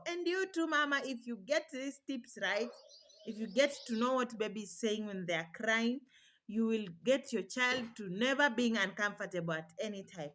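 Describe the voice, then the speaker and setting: A woman's voice: on the high side, animated, measured pace, a bit bright. A young woman vlogging casual advice to mothers, chatty and reassuring, now and then imitating baby cries. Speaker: parenting vlogger.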